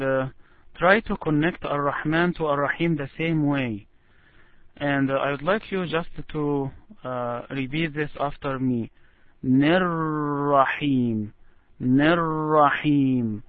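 A man teaching Quran recitation in an online lesson, patiently encouraging and modeling phrases slowly. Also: on the high side, no echo. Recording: tinny call audio, dry.

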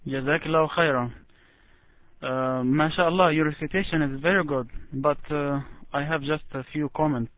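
A man's voice: a little high, fairly even intonation, no echo. Patient male recitation teacher over a tinny call. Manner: patient, slow, demonstrates words drawn out. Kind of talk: one-on-one recitation lesson. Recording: tinny phone-like line.

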